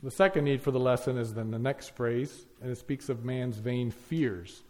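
A man's voice: mid-range voice, normal speed, a little mellow. A man preaching a sermon, emphatic, piling up lists and rhetorical questions.

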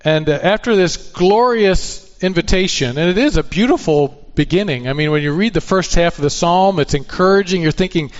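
Guy preaching a sermon, kinda high voice, dull lo-fi sound, asks lots of questions. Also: animated, brisk. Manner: earnest preaching, rhetorical questions. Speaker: pastor.

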